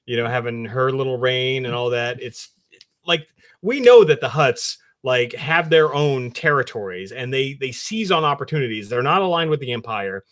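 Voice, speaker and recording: A man's voice: mid-range voice, lively intonation, normal speed, a bit bright. Man, medium voice, podcast co-host, casual, profane, enthusiastic. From New Jersey. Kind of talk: casual chat.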